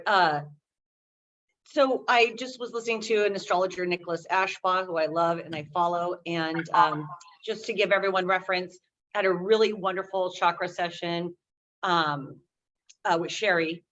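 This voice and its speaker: A woman's voice: fairly low pitch, moderate pace, fairly bright tone. Rambling woman on lo-fi call audio. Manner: enthusiastic, rambling, many fillers. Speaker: group member on a call. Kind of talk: casual video call check-in. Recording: dull lo-fi call audio with faint noise.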